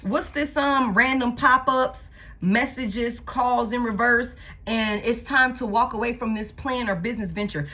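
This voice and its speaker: A woman's voice: medium pitch, fairly bright tone, breathy edge. A woman giving a casual tarot reading, blunt and profane, repeating herself for emphasis. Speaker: tarot reader.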